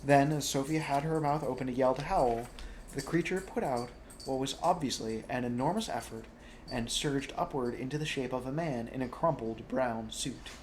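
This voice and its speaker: Man reading a bedtime story, mid pitch, chatty asides, faint hiss. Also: normal speed.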